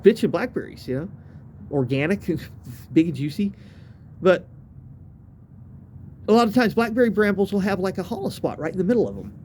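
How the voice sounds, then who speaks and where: A man's voice: high voice, big pitch swings, normal speed, long pauses, a little mellow, slight background noise. A man telling a rambling, profane story in casual speech, full of restarts and fillers.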